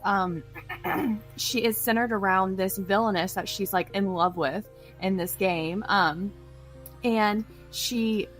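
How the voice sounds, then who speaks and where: A woman's voice: medium pitch, fairly bright tone. A woman voice actress talking as a guest in a casual interview, bubbly and gushing, often saying "like". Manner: bubbly, gushing, heavy use of "like".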